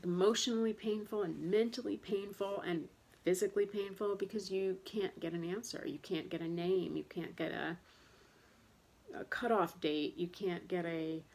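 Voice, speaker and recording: A woman's voice: mid-range voice, fairly even intonation, normal speed, a little mellow. A woman in her thirties talking candidly and in a rambling way, frustrated, with many fillers and restarts, in a casual personal monologue. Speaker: vlogger talking about chronic pain.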